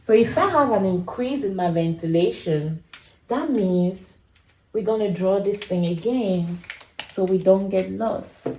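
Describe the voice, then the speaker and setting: A woman teaching anesthesia at a whiteboard, explaining slowly and repeating key points to her viewers. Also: mid-range voice, darkish tone, echoey room, slight background noise, poor audio. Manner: slow, repetitive explaining, addresses viewers as guys. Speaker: anesthesia educator. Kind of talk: whiteboard lecture.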